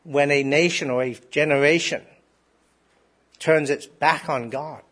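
A man's voice: on the high side, steady tone, unhurried, a bit bright. A man preaching a sermon to a congregation in a conversational way, often asking rhetorical questions. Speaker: pastor.

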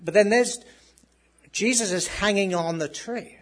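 A man's voice: high voice, unhurried. A man preaching a sermon, reading scripture aloud and then talking it over, repeating words as he goes. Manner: swings from loud reading to soft asides, repeats words.

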